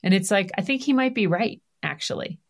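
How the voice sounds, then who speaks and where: A middle-aged woman, a guest author, telling family stories in an animated, confessional way full of asides and self-deprecating jokes. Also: mid-range voice, fairly quick, vocal fry. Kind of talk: candid conversational storytelling.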